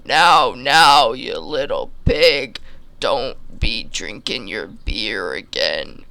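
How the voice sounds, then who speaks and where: A man voicing a bumbling male farmer who scolds in a slow, fussy drawl. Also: medium pitch, sing-song, creaky, sharp tone, pitched below the performer's own voice, heavily acted. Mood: scolding.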